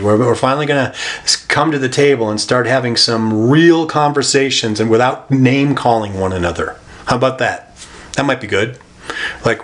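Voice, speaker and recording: A man's voice: medium pitch, fairly bright tone. A man preaching a sermon in a conversational way, with rhetorical questions. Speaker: pastor.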